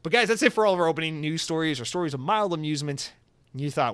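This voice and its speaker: A man's voice: a little high, fast, a bit bright, clean tone, no room sound. A young adult man hosting a solo podcast, rambling in a jokey, self-mocking way. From United States. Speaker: podcast host.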